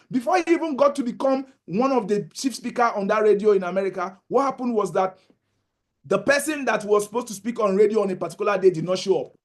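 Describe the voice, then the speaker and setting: Guy, fairly high voice, trading mentor hyping people up, tells stories and acts out all the talking, repeats stuff a lot. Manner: storytelling, repeats himself, acts out dialogue. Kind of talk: motivational talk.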